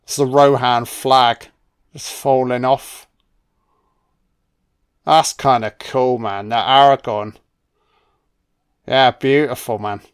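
Male commentator, laid-back and sweary, slow delivery. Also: medium pitch, clean tone. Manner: relaxed, profane, admiring asides. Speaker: film commentator. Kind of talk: casual film commentary.

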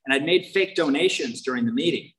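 A man's voice: fairly high pitch, fast talker, a bit bright, rough recording. A man telling his own story to a recovery meeting, candid and conversational, with frank asides. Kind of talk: personal testimony to a meeting. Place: recovery meeting, in person or over a video call.

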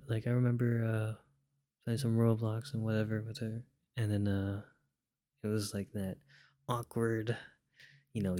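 A young man tells a personal story in a loose, rambling way, full of fillers and restarts. His voice sits a little low, and the sound is dry and close with no room around it. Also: dark tone, no echo. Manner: laid-back, chuckles now and then.

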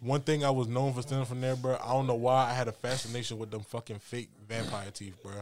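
A man's voice: medium pitch, flat delivery, crowd noise. A man co-hosting a casual podcast with friends, telling loose, profane stories. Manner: fast, loose storytelling with slang and profanity. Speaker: podcast co-host. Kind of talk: casual chat among friends.

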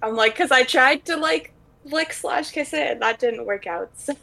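Bright-voiced hesitant woman player. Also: sits high, lively intonation, normal speed, gravelly, low-quality recording. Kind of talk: playing a character in a tabletop game.

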